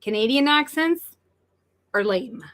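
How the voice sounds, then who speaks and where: A woman's voice: high-pitched, expressive, measured pace, a bit bright. Australian woman co-hosting a livestream, teasing, laughs easily, holds her ground when she corrects people. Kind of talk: casual livestream chat.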